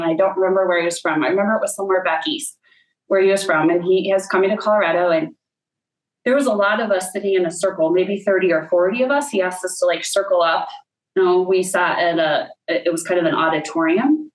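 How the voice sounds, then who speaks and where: A woman's voice: medium pitch, roomy sound, poor audio. A woman telling a personal faith story in a casual way, full of fillers and "like". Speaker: guest.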